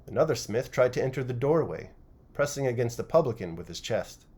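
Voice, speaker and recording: Narrating a classic novel for an audiobook, chapter by chapter, this man reads with expression and variety. His mid-range voice is brisk and slightly rough.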